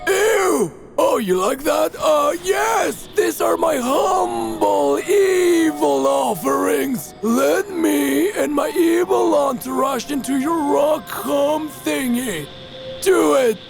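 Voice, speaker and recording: A lizard priest that plays at being an evil old pope, loud and theatrical, as a performer voices him. The voice sits very high and crackles with a gravelly rasp. He is a fan-dubbed anime comedy figure. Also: animated, slow, soft background music, full character voice. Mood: hammy. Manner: booming, theatrical and hammy. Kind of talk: fan-made abridged anime comedy dub.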